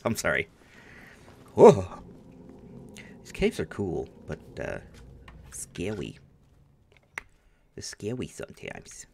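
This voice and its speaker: A low-voiced man chatting his way through a video game with a slow, unhurried pace. His delivery swings widely, from sudden squeals to mumbled asides. He is goofy and self-mocking. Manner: playful, goofy, makes silly noises and jokes at himself. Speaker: let's play gamer. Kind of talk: casual gameplay commentary.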